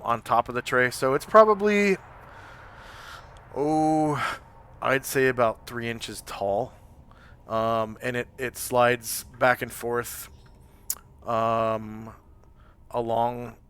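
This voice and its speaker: A man running a tabletop game, describing scenes haltingly with many fillers. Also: medium pitch, fairly bright tone, smooth. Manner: hesitant, full of fillers. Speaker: game master. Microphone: home microphone on a live stream.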